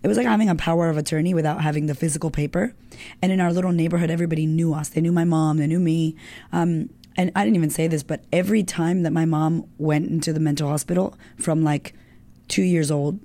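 Middle-aged woman guest, low-pitched gravelly voice, candid and swearing, emotional storytelling. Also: fairly even intonation, quick pace, dark tone. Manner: frank and emotional, swears freely.

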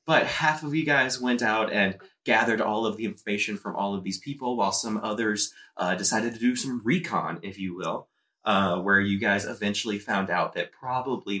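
Low-voiced man narrating as game master. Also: pushed and bright. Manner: descriptive, measured storytelling.

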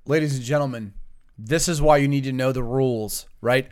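A man's voice: medium pitch, a little fast, clear, resonant tone. A male podcast host telling stories in casual chat, acting out what people said and swearing freely. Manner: animated storyteller, acts out quotes, swears freely.

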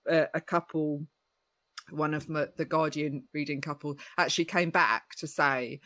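Woman comic telling a story, lively, does squeaky voices for quotes, dry close sound. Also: normal speed, no echo. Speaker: comedian guest. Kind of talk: casual chat, storytelling.

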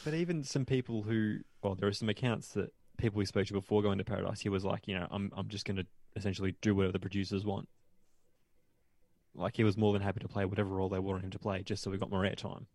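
A laid-back man steering a casual podcast conversation. His voice sits fairly low. It sounds dry and close to the mic. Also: fairly even intonation, racing, hardly any pauses, darkish tone, dry recording. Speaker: podcast co-host. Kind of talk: casual chat.

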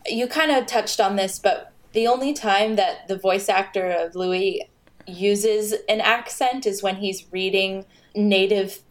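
A woman co-hosting a casual podcast chat about a game, talking in an animated way and laughing as she mocks it. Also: medium pitch, unhurried. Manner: animated, laughing, mocking critique. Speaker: podcast co-host.

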